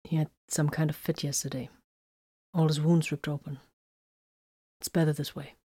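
Woman reading as clipped, grudging male field medic; low voice, quiet, withholding. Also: little pitch movement, normal speed, slightly rough, dry recording. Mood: guarded. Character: terse, reluctant male battle medic.

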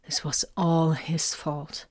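Low-voiced woman narrating a story. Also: no echo, clean studio sound. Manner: steady, measured storytelling. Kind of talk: audiobook narration.

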